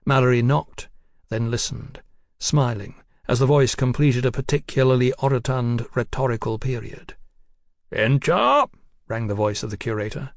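A man reading a novel aloud at a steady, measured pace, his voice in the middle of the male range. The recording is close and completely dry, with no room sound. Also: mid-range voice, dry recording. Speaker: audiobook narrator. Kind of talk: scripted narration.

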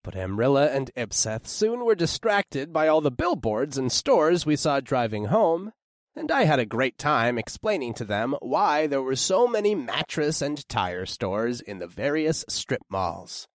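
A man narrating a first-person audiobook in an expressive storytelling way. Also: medium pitch, a little slow, dry recording, clean studio sound.

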